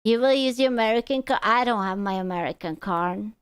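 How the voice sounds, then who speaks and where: Brief: streamer woman, crisp and dry, crude teasing banter. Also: fairly high pitch, fairly quick, dry recording. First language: Hungarian. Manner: crude, teasing, swears freely. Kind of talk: casual stream chat.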